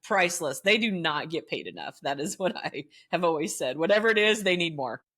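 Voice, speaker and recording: A middle-aged woman who used to be a teacher tells school stories in casual chat, laughing a lot as she animatedly spins her tales. Her voice is lowish and she speaks a little fast.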